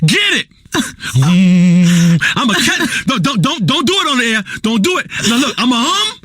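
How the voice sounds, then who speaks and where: An unhinged, self-important radio doctor, lively swings, dry close sound. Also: male voice, very high voice, a little fast, slightly rough, no echo, exaggerated voice. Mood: coaxing. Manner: rambling, volatile, bursts into shouting. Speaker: radio health show host. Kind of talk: comedic radio talk show acting.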